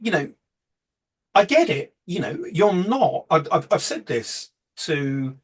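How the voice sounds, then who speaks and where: A man's voice: a little high, sing-song, slow pace, breathy edge. A man presenting a photography workshop in a casual, rambling way, full of fillers and restarts.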